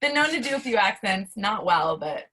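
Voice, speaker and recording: A young adult woman speaking as a guest in a casual interview, lively and full of fillers and restarts. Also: medium pitch, moderate pace, background noise. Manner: animated, many fillers and restarts. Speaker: interview guest, academic life coach.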